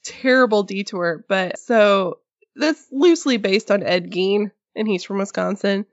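A woman co-hosting a podcast chats casually, telling stories with animation, acting out quotes and gasping. Her mid-range voice moves at a measured pace, and the sound is lo-fi.

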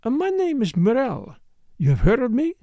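A man's voice: extremely high pitch, wildly swooping pitch, normal speed, warm tone, no room sound, muffled recording, voice pushed up, heavily acted. A man voicing a poised young female French dancer who speaks coolly and formally.

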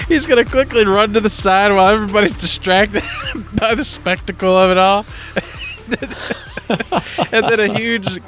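High pitched guy spinning a wild story, does voices, keeps laughing. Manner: animated storytelling, acts out voices, laughs often. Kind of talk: casual chat.

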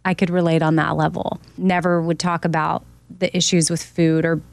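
A woman's voice: low-pitched, little pitch movement, moderate pace, creaky, no room sound. A woman hosting a radio show, talking candidly and personally. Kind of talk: casual chat.

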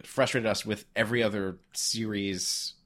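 A man's voice: fairly low pitch, steady tone, moderate pace, a bit bright. A man co-hosting a casual podcast chat, talkative and analytical, often restarting his sentences. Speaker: podcast co-host.

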